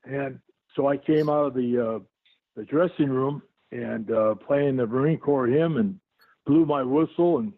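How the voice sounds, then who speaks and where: A man's voice: mid-range voice, unhurried. An older man, a guest on an interview, tells a long rambling story full of fillers and restarts. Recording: tinny dry phone line.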